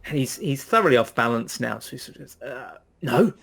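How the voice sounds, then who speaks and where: A man's voice: mid-range voice, animated, fast, gravelly, fairly bright tone. A man running a tabletop game as game master, narrating with many hesitant fillers.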